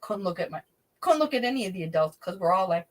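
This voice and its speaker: In a rough recording, a middle-aged woman talks fast in a mid-range voice while hosting a relaxed livestream. She reads chat and spins a comic story, animated, swearing, and laughing partway through sentences.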